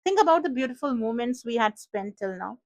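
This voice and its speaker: A calm young wife with an Indian accent, as a woman storyteller puts her on. She speaks gently and reassuringly in a fairly high voice. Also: fairly quick, no echo. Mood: soothing.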